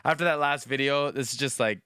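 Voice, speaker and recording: A man's voice: mid-range voice, fairly quick, pushed and bright, clear, resonant tone, no echo, clean studio sound. A man hosting a music reaction video, chatting casually and enthusiastically with a rambling flow of fillers.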